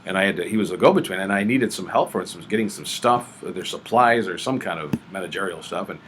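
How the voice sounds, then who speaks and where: A man chatting quickly in a fairly low voice. He rambles, stacking up fillers while he searches for names. Faint background noise sits under him. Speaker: guest with acting and production experience. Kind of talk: casual chat.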